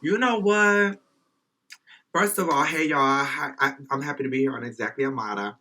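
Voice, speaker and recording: A man's voice: mid-range voice, moderate pace, sharp tone. A man from Miami, a guest on a podcast, talking bluntly and outspokenly in casual chat.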